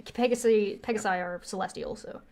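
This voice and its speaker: A woman's voice: medium pitch, a little fast, gravelly, a little mellow. Laughing woman game master. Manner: loose, laughing, filler-heavy narration. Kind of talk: narrating a tabletop game.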